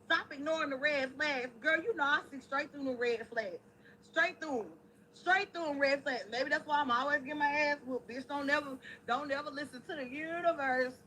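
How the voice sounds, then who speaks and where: A woman ranting loudly and profanely to her camera. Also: high-pitched, moderate pace, rough recording. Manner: brash, loud and profane. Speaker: online creator.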